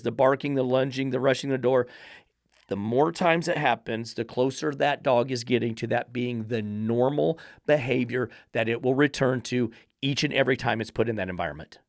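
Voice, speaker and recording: A man hosts a dog training podcast in a mid-range voice, lecturing emphatically and preachily while firing off the same rhetorical questions again and again. The studio recording is clean, with no echo.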